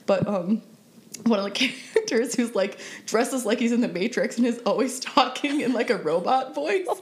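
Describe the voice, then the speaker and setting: A woman's voice: a little high, lively intonation, moderate pace. A woman co-hosting a podcast in casual chat, talking loosely with lots of "like" fillers and laughing through her stories. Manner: chatty, many "like" fillers, laughs while telling stories. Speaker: podcast co-host.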